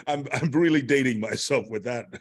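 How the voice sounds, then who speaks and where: A man's voice: medium pitch, moderate pace. An older man, an actor guest, giving reflective and expansive interview answers with an occasional chuckle.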